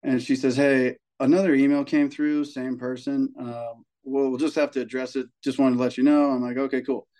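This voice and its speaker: Speaking at normal speed with few pauses, a young man casually discusses coaching high school baseball as if on a podcast. His pitch is an ordinary middle one, and he's lively and somewhat profane, bouncing into higher voices to imitate the parents and colleagues in his stories.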